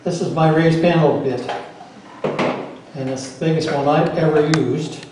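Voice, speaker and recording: A man's voice: a little high, steady tone, measured pace. Plainspoken man teaching in an echoey hall. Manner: plainspoken, practical, answers questions on the fly. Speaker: club presenter teaching routing. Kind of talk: informal workshop demonstration with audience questions. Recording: very echoey room, voice from far off, faint noise.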